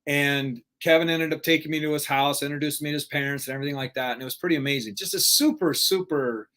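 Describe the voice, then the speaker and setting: A man with a slightly high voice hosts a live motivational talk. He is earnest and direct, often checks in with the listener, and acts out the voices of people in his stories. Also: fast talker, pushed and bright. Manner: earnest, keeps asking "right?"; acts out quoted dialogue in his story. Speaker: live show host, speaking coach.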